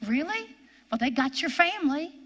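A woman with an Ohio accent preaching a sermon, swinging between loud commands and low hushed tones. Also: sing-song, moderate pace.

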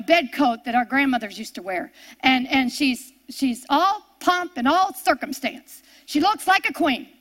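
High-pitched older woman preacher, emphatic storytelling with repeats and hushed turns. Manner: repeats words and phrases, dramatic swings from emphatic to hushed. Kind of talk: sermon storytelling.

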